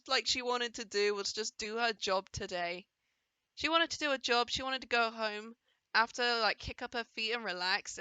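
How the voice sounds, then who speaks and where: A woman's voice: medium pitch, sharp tone, no room sound. A woman giving casual, enthusiastic commentary over a game trailer, now and then playfully voicing the characters she sees. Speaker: gaming video creator reacting to a trailer.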